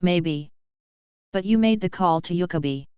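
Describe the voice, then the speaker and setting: A woman reads a hot-tempered Imperial officer who snaps sharply. The voice is lowish, with a dry, slightly dull sound. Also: measured pace, smooth, no echo, natural voice. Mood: furious. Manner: sharp and angry. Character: fiery, furious female Imperial official.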